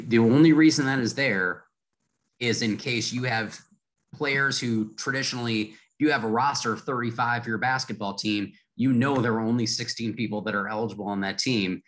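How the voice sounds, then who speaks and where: A man hosts the questions part of an online training session. His voice is mid-pitched. He restates points carefully so no one is confused. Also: fairly even intonation, moderate pace, fairly bright tone, poor audio. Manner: clear, explanatory, repeats to make points plain. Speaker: webinar moderator. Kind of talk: webinar Q&A.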